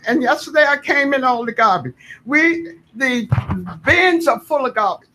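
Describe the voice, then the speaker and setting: A woman from the Southern United States speaks as a tenant during public comment at a board meeting, earnest, folksy, and insistent. Her voice is slightly high and a bit bright.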